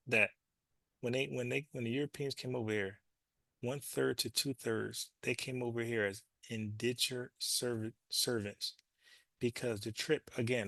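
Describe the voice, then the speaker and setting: A man hosts his own commentary show in a gravelly, fry-edged voice. He talks loosely and bluntly, repeats words as he restarts, and the sound is close and dry. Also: medium pitch, fairly bright tone, no room sound. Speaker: show host. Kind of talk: casual commentary monologue.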